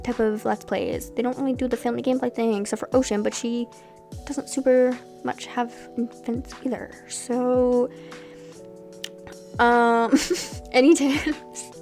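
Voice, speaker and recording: A young woman chatting casually over her gameplay, rambling from one thought to the next with animated asides. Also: fairly high pitch, unhurried, gravelly, long pauses, soft background music. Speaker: Sims gameplay creator.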